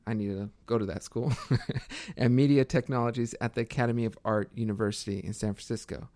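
A man's voice: mid-range voice, fairly quick, a little mellow, no echo. A young man co-hosting a podcast interview, friendly, tripping over words and laughing easily. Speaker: podcast co-host.

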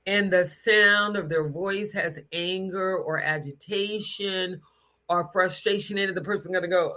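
In an unscripted talk teaching about sound, an adult with a mid-range voice speaks at normal speed. The delivery is forceful, frank and direct, punctuated by animated put-on voices and brief singing to demonstrate.

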